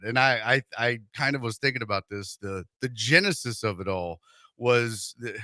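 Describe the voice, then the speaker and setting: A man's voice: medium pitch, moderate pace, no echo, clean studio sound. A man hosting a radio show, telling a story in casual chat and acting out the voices in it with jokes. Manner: animated, joking, acts out voices in his story. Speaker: radio host.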